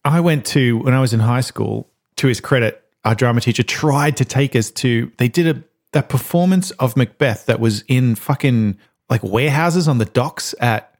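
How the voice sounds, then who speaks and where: Aussie bloke rambling on a podcast, swears, laughs a lot. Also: male voice, medium pitch, normal speed. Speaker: podcast co-host. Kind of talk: casual chat.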